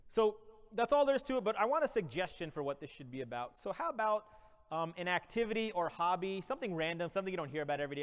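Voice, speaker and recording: Fast-talking, high-voiced comic keynote man. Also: clear, resonant tone. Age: 40s. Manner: energetic, playful storyteller who often breaks into laughter. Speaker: motivational keynote speaker. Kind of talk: improvised comedic motivational story. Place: large conference hall. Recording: long reverb of a large conference hall.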